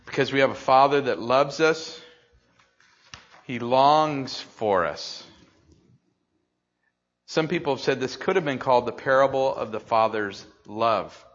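An older pastor preaches a sermon in a medium-pitched voice, sinking into slow, hushed phrases before surging loud and excited. The recording sounds slightly dull and lo-fi.

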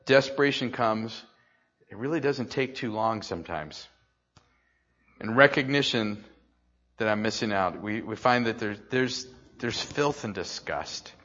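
Older man preaching with big swings. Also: lowish voice. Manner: swings from hushed and slow to loud and excited. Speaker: pastor. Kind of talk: sermon. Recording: slightly dull, lo-fi.

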